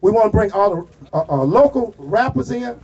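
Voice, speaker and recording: A man giving a fiery shouted speech to a crowd at an outdoor protest march, calling out to them like a preacher. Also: high voice, animated, normal speed, a little hiss or hum. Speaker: rally speaker. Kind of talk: shouted street rally speech. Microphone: phone recording from the crowd. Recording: muffled phone recording outdoors.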